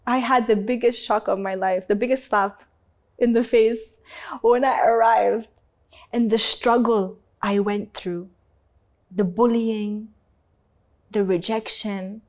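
Animated woman telling a hard story. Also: on the high side. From Canada. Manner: animated, acts out quoted voices, swears casually. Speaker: interview guest. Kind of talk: emotional personal storytelling.

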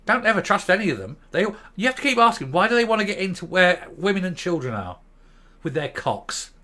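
A man in his fifties hosting his own channel, ranting bluntly and profanely to camera and stopping now and then to calm himself down. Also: high-pitched, a little fast. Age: 50s. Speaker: commentary channel host. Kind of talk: angry opinion rant to camera.

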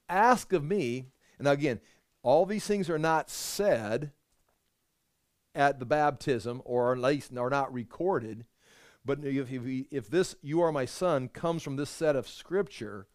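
A man's voice: fairly high pitch, clear, resonant tone, dry recording, studio quality. A man teaching through a Bible passage verse by verse, earnest and conversational, often restarting his thoughts mid-sentence.

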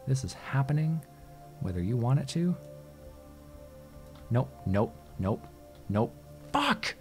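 A man's voice: medium pitch, expressive, takes it slowly, dark tone, soft background music. A man giving casual let's-play commentary at his computer, exasperated, swearing and talking back to the game. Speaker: gaming channel host.

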